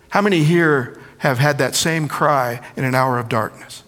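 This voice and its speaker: Dramatic preacher in a reverberant hall. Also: male voice, on the high side. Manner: dramatic, swings from loud pleading quotes to hushed asides. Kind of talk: sermon.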